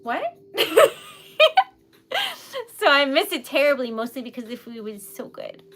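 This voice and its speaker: A woman's voice: sits high, big pitch swings, a little slow, fairly bright tone, soft background music. A young woman from New England chatting casually with live viewers, emotional and giggly, rambling with lots of fillers. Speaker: livestream host, poet.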